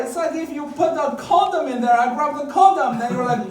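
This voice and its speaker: A man doing a stand-up comedy set, telling a story in a lively, animated way and jumping high in pitch when he quotes himself. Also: fairly quick, few pauses, a little hiss or hum. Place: comedy club stage. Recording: echoey club, far-off mic, crowd laughing. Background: audience laughter.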